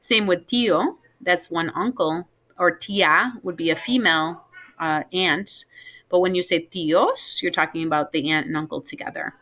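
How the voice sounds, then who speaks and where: Bright-voiced woman teaching Spanish vocabulary. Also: fairly low pitch, moderate pace. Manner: patient, explains vocabulary step by step with many ums. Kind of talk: recorded class lesson.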